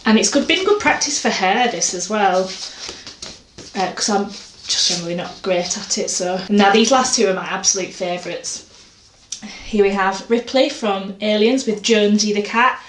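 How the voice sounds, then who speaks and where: A chatty woman talks casually at home, wandering from thought to thought and poking fun at herself. Her voice sits at an ordinary middle pitch. It bounces around a roomy space, with a faint hiss underneath. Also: normal speed. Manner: chatty, rambling, self-deprecating. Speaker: artist vlogger. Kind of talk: casual chat. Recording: echoey room, faint noise.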